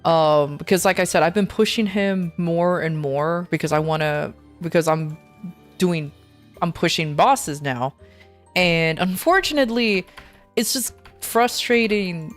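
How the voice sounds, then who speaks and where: A woman's voice: fairly low pitch, measured pace, faint music behind. A woman VTuber streamer chatting casually while gaming, rambling and ranting in an exasperated way.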